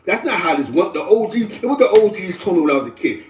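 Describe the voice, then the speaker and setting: A middle-aged New man with a fairly high voice hosts a casual livestream, lecturing his viewers in lively street slang. He keeps checking in with "you know what I'm saying". The voice sounds echoey, as if he sits well back from the mic in a bare room. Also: fast, slight background noise. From the Bronx, New York. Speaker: livestream host. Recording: roomy, distant from the mic.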